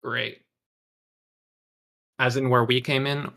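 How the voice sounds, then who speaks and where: A man playing in a tabletop role-playing game, speaking in a dry, low-key way. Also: flat delivery, takes it slowly, gravelly, bright, forceful tone. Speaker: player. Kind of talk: casual tabletop game talk.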